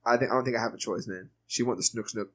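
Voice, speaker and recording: A man's voice: mid-range voice, racing, fairly bright tone. Man joking in casual podcast banter. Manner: joking, laughing, crude banter. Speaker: podcast co-host. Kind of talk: casual chat.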